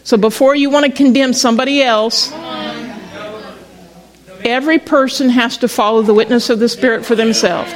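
Middle-aged woman preacher, higher pitched, talking through a personal story in a loose, stop-start sermon style. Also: fairly even intonation, normal speed, pauses often, rough recording. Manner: conversational storytelling with frequent restarts. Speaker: pastor.

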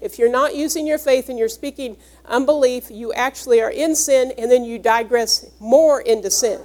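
Woman preacher, high voice, earnest teaching sermon delivery. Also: normal speed, darkish tone. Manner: earnest, teaching, explains each word. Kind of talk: sermon with scripture reading.

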